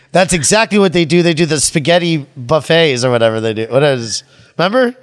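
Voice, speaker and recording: A man hosting a podcast, chatting in lively, playful banter. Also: on the high side, normal speed, faint music behind. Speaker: podcast host. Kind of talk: casual chat.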